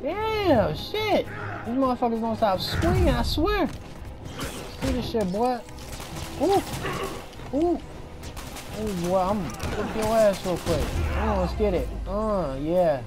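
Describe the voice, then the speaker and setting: A young adult gamer giving casual, profane gameplay commentary with frequent excited whoops. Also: medium pitch, slow, long pauses. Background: video game music.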